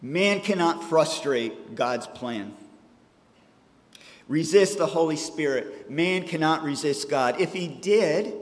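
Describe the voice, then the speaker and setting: A man's voice: a little high, in a large hall. A middle-aged man preaching a sermon, shifting into a conversational, story-telling manner with casual fillers. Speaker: pastor.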